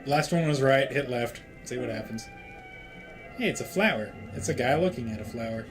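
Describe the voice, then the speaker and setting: A young man co-hosting a casual let's-play, joking and swearing wryly. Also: mid-range voice. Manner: profane, joking and wry. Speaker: gaming co-host.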